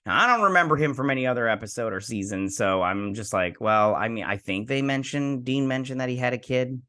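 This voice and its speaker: A man's voice: mid-range voice, brisk, sharp tone. A man hosting a TV review, casually recapping an episode in a rambling way with lots of fillers and quoted lines. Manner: rambling retelling full of fillers and "he's like" quotes. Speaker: host and TV reviewer.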